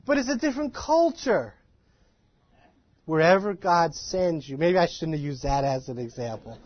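A man giving an informal, animated and self-deprecating lecture to a live class of ministry students, in a folksy manner. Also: fairly high pitch, normal speed, muffled recording. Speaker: ministry trainer.

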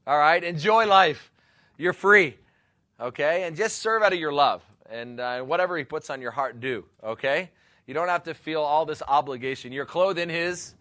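Pastor, male, fervent and rambling, crisp bright tone, dry close sound. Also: a little high, dry recording. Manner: earnest, rambling, breaks into laughter and exclamations. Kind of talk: teaching talk on missions.

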